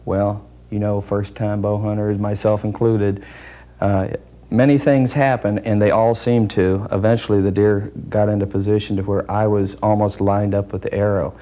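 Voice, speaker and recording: A man being interviewed as a deer calling expert, explaining in a measured, technical way with frequent pauses and hesitations. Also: on the low side, level tone, dark tone.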